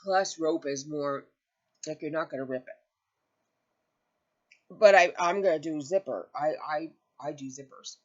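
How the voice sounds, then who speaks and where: A woman's voice: sits low, a little slow, long pauses, a little mellow, highs cut off. Rambling, emotional woman crafter. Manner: rambling, self-correcting storyteller; emotional, near tears. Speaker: crochet channel host. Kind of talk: casual chat to camera.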